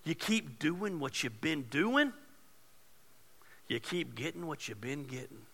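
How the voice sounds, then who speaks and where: A pastor preaches a sermon in a casual, joking way that swells into loud, emphatic points. His voice is gravelly and very bright, sitting a little high for a man. It rings out with the long reverb of a large hall. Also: sing-song, takes it slowly, pauses often.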